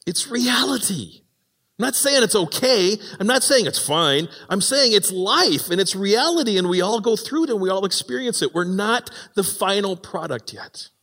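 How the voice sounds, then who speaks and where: A man preaching a sermon in a church, animated and acting out the voices he quotes. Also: high voice, normal speed, hardly any pauses. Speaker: pastor. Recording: long hall reverb.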